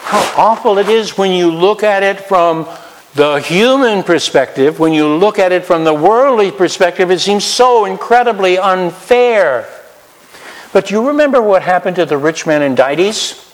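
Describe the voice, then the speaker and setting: A man preaching a sermon as pastor, swinging from loud emphatic highs to quiet low asides. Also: expressive, normal speed. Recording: long hall reverb.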